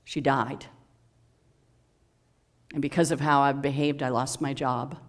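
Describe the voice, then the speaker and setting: A minister voicing a big, burly drunk man who speaks gruffly and belligerently. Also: mid-range voice, little pitch movement, unhurried, lightly acted. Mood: ashamed.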